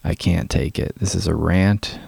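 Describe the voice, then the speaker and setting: A man's voice: low-pitched, fairly even intonation, unhurried, gravelly, a little mellow, breathy edge, dry recording. A man ranting in an incredulous, mocking tone, talking close to a dry mic. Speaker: vlogger. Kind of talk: ranting commentary.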